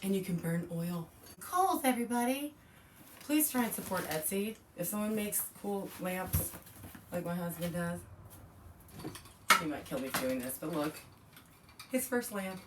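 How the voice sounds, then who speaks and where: A woman's voice: fairly low pitch, expressive, a little slow, pauses often, distant mic, noisy background. A woman in her forties chatting casually while unboxing, gushing and exclaiming often. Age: 40s. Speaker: vlogger.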